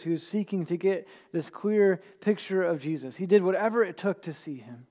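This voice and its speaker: A man's voice: high-pitched, warm tone. A man preaching a sermon in an earnest, conversational way, with small restarts and repeated words. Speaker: pastor.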